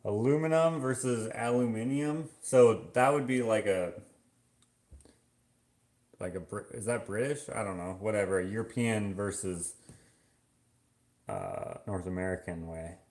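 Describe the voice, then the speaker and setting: Rambling Canadian man, low voice. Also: very animated, unhurried, pauses often, a little mellow. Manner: musing, wandering, full of fillers. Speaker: vlogger. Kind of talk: casual rambling chat. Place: home kitchen washing dishes.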